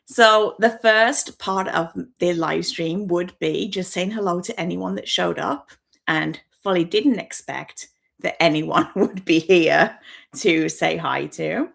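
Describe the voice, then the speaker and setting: A Birmingham woman in her fifties, her West Midlands accent softened, hosts her first YouTube livestream through a built-in laptop microphone. Her voice is on the low side, slow and creaky, as she chats casually and nervously to viewers, laughing often.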